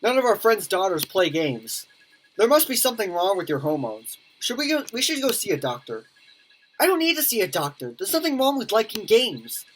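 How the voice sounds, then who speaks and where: A woman's voice: mid-range voice, big pitch swings, slight background noise. Woman gamer voicing a game's characters. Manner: reads lines in many voices, quick reactions and laughs. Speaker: gaming YouTuber. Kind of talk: let's play, reading game dialogue aloud with commentary.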